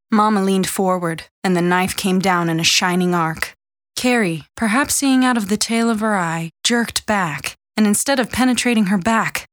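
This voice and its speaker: A medium-pitched woman narrates a novel for an audiobook in steady, even scripted storytelling. The sound is clean studio audio with no room sound.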